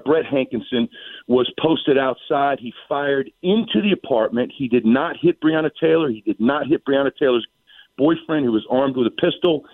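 A man's voice: mid-range voice, no echo. A man calling in as a guest commentator on a radio talk show, laying out his points in an assertive, methodical way. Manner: assertive, methodical, addresses host by name. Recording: tinny phone-line sound.

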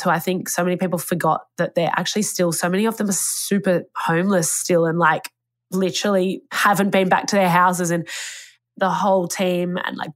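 A woman, telling a personal story in a candid, rambling way and swearing freely. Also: on the low side. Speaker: podcast host. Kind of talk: casual storytelling.

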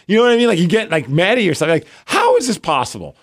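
A man's voice: high-pitched, very animated, very fast, slightly rough, dry recording, studio quality. A man in his thirties co-hosting a casual podcast, telling stories animatedly with lots of filler "like". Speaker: podcast co-host. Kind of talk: casual chat.

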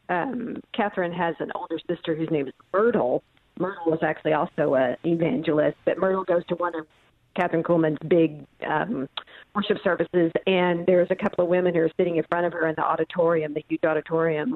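A woman guest speaks over a thin, tinny phone connection, her voice a touch low. She tells stories patiently, pausing with ums as she recalls details. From central Missouri. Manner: thoughtful storyteller with frequent ums. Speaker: author and guest. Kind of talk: phone interview.

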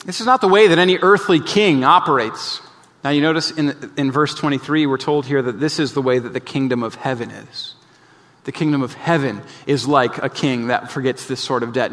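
A man preaching a sermon as pastor, earnest and emphatic, often dropping soft and low to press a point. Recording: long reverb of a large hall.

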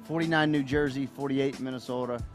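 A man's voice: mid-range voice, fairly even intonation, a little fast, faint music behind. A man hosting a radio talk show, chatting casually and cueing up audio clips. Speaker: radio host. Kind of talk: casual chat.

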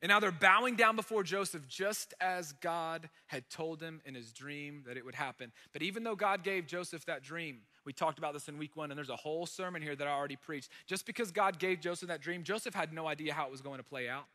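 A man preaching in a large church hall, his voice high and strikingly bright. He tells the story in an animated, conversational way, leaning hard on dramatic moments, while a long reverb trails after each phrase. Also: a little fast, few pauses. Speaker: pastor. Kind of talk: sermon.

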